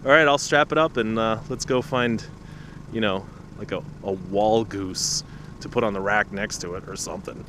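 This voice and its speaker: A man chatting to the camera while trash picking outdoors at night, excitable, through a small camera-mounted mic. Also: on the low side, normal speed, a little hiss or hum. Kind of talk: casual vlog narration.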